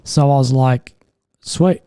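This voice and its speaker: Heavy swearing and plenty of "likes" and "ums" mark this young Australian streamer's laid-back, meandering stories. His mid-range voice has a dark tone at normal speed, captured in a dry, studio-quality recording.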